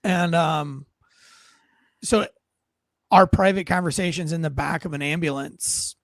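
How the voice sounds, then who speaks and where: A man's voice: on the high side, a little slow, vocal fry, no room sound. An American man, a former police officer turned comedian, telling stories bluntly and with self-mocking profanity in a casual interview. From United States.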